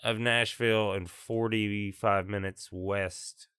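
A man's voice: lowish voice, fairly even intonation, takes it slowly, sharp tone, smooth, no echo, studio quality. A man from Tennessee, a comedian guest chatting casually and telling stories in a laid-back way. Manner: laid-back storytelling, jokes with big voiced bits. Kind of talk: casual chat.

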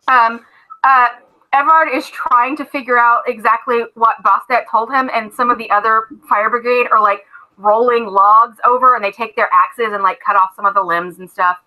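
A woman's voice: fairly high pitch, steady tone, normal speed, bright, forceful tone, poor audio. A woman narrating a tabletop game as game master, chatty, with many fillers and restarts.

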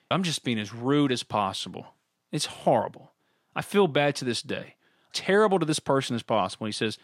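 A man's voice: medium pitch, normal speed, no room sound, clean studio sound. A middle-aged man, co-hosting a casual sports talk show and telling stories with lots of laughter. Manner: animated storyteller, laughs often. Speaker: podcast co-host.

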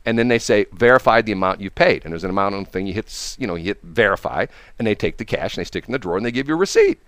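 Animated storytelling man, lively pitch. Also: racing, no room sound, clean studio sound. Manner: animated, acts out quoted people. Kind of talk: casual storytelling.

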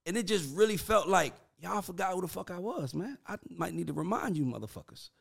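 A man in casual conversation, animated and profane, breaking into laughs as he talks. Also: high-pitched, brisk, vocal fry, breathy edge.

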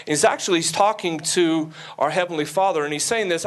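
A man's voice: a little high, brisk, hardly any pauses. A Southern American man preaching a sermon as a guest pastor to a congregation, folksy, with joking asides and emphatic preaching. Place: church sanctuary before a congregation.

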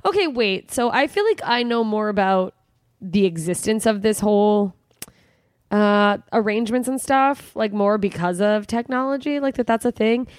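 A young woman co-hosting a podcast, animated and laughing in profane casual chat. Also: mid-range voice, normal speed, no room sound, studio quality. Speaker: podcast co-host.

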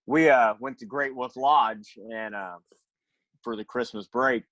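A man in a casual chat, full of enthusiasm, telling quick anecdotes. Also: mid-range voice, fairly bright tone, dull audio.

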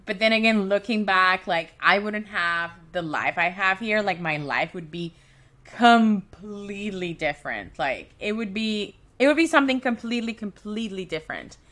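A woman's voice: mid-range voice, expressive, normal speed, bright, forceful tone. A young woman from Venezuela hosting her own podcast, talking in a casual solo monologue full of "like", restarts and laughter. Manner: chatty, heavy use of "like", restarts and laughs. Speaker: podcast host.

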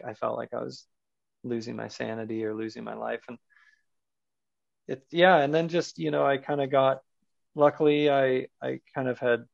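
A man tells a personal story during a podcast interview, searching for words in an earnest way and using many fillers. He has a medium pitch with vocal fry, recorded without room sound in dull lo-fi quality.

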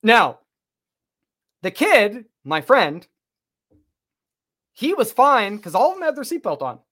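A man telling a story in casual chat, animated, swearing freely and acting out what people said. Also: sits high, takes it slowly. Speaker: podcast guest telling a story.

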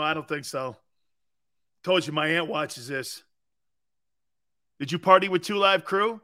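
Man, sports talk host, high voice, bright and forceful, rambling anecdotes, frequent laughter. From Sicilian-American heritage. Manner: rambling storytelling, acting out quoted voices; laughs often between lines. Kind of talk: animated sports talk show banter.

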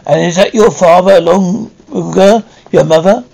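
Storybook convict, menacing, gruff commands, gravelly, dark, a man reading the part. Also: high-pitched, measured pace, poor audio. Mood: threatening. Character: menacing rough escaped male convict.

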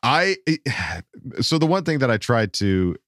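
A man's voice: medium pitch, takes it slowly, no echo, studio quality. A man co-hosting a podcast, joking and laughing often in casual chat. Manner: jokey, laughs often, lively delivery. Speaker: podcast co-host and voice actor.

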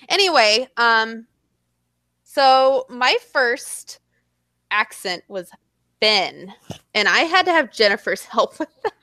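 Lively, blunt woman with a swinging pitch. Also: a little slow, no room sound, clean studio sound. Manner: animated, blunt, swears freely. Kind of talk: casual chat.

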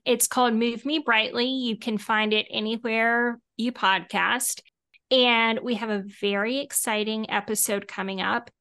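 A woman's voice: a little high, steady tone, unhurried, a bit bright. A woman co-hosting a casual podcast, earnestly promoting a new show. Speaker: podcast co-host.

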